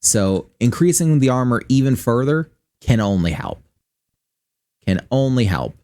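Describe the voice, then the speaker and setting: A Midwestern American man thinks aloud while streaming a game, rambling from one point to the next and swearing freely. His voice sits at an everyday middle pitch. The sound is dry and close, with no room around it. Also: sing-song, a little slow, mellow, no echo. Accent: general American Midwestern. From Michigan, US. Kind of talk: casual gaming stream commentary.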